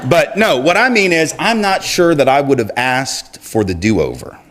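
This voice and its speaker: A middle-aged man giving a talk, telling a personal story in an animated way and laughing as he goes. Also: on the high side, normal speed. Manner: animated, laughing through anecdotes. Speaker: speaker.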